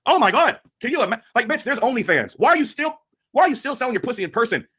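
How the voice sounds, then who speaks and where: A man streaming a crude, mocking rant with sudden shouting bursts. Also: extremely high pitch, very animated, fast talker, slightly rough. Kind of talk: ranting livestream commentary.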